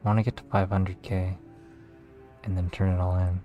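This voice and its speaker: A man giving casual, relaxed commentary while playing a game, tired and talking to himself with some swearing. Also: low-pitched, normal speed, highs cut off, soft background music. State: tired, yawning. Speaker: gaming video creator.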